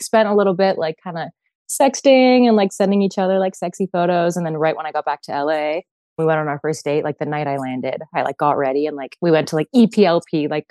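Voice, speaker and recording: Young canadian woman chatting on a podcast, says like a lot, kinda low voice, dry close sound. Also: a little mellow, dry recording. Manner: chatty, heavy use of "like". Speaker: podcast guest. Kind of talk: casual chat.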